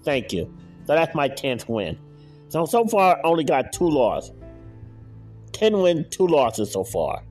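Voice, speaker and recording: A man recapping his football picks in a lively, up-and-down voice, pitched a bit high for a man. He drags out the scores and mutters his frustration between games. Soft music sits underneath. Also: measured pace, long pauses. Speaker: podcast host. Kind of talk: casual solo sports picks recap.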